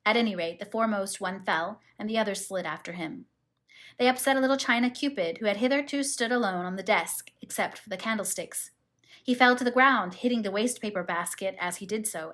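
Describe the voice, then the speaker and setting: Woman, audiobook narration, steady measured reading, mid-pitched voice. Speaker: audiobook reader.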